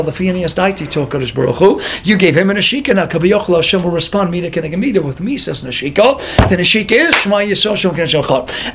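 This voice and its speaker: A man teaching a Torah lecture, asking questions and answering them himself, his voice jumping up in excited peaks. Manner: animated, with excited high-pitched peaks.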